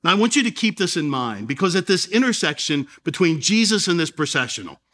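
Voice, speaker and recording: A male pastor delivers a sermon in a slightly higher than average voice. He speaks earnestly, drawing out key phrases with pauses and swinging between soft, low moments and louder emphasis. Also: sing-song. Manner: earnest preaching with dramatic pauses and shifts in volume.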